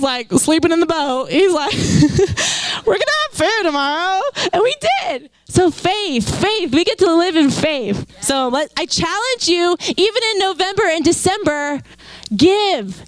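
A young woman preaching a lively, conversational sermon, laughing often and talking with casual fillers. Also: high-pitched, no room sound, low-quality recording.

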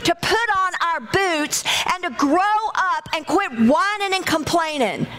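A middle-aged woman preaching a lively sermon to a congregation, calling out and bursting into shouts. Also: extremely high pitch, a little slow. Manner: animated, shouts in acted bursts, talks to congregation.

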